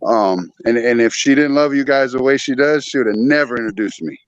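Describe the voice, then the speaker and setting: A man's voice: mid-range voice, a little fast, dry recording, highs cut off. A man talking as a guest on a morning talk show, earnest and storytelling, acting out old arguments in his voice. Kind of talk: casual talk show chat.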